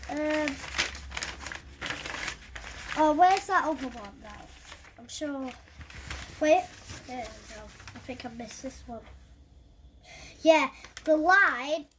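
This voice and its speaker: Slow, hesitant British vlogger. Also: sits high, background noise. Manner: hesitant, thinking aloud with many fillers while flipping pages. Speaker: book collector vlogger. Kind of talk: casual show-and-tell.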